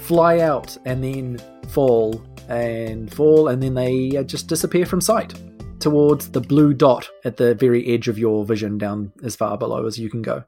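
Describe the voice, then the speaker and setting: A man running a tabletop role-playing game as game master, narrating scenes in a relaxed, laughing way. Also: medium pitch, moderate pace, soft background music.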